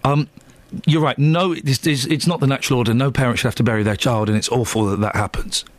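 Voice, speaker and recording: A man's voice: mid-range voice, fast talker, no room sound. A man hosting a radio show in a casual, bantering manner, often stammering and restarting. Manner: lively, stammering, self-deprecating banter. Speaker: radio host. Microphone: studio microphone.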